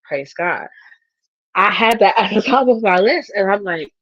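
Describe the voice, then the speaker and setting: Lively woman podcast host, lo-fi sound. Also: mid-range voice, unhurried, dry recording. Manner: animated, acts out her inner voices. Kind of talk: casual faith talk. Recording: dull, lo-fi sound.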